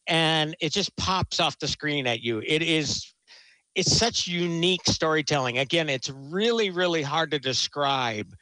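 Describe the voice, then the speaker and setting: A man's voice: a little high, expressive, a little slow, bright, forceful tone, dry recording, rough recording. A man talking casually about a film, enthusiastic and rambling, often restarting his sentences. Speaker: film critic guest. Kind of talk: casual chat.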